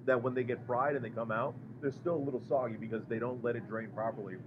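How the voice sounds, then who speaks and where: A man's voice: medium pitch, fast talker. Enthusiastic male host for a live taste-test stream, repetitive and gushing, recorded on a dull mic with a noisy restaurant behind. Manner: excitable, gushing, repeats words. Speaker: podcast host doing a live food review. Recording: muffled live stream with background noise.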